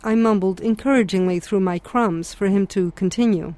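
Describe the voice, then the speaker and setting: A woman giving measured, reflective audiobook narration. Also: mid-range voice, a little mellow, dry recording.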